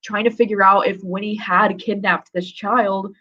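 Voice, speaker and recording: A woman's voice: mid-range voice, flat delivery, normal speed, sharp tone. Young woman guest, casual book chat, swears freely, slightly dull call audio. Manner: casual, swears often, many "like" fillers.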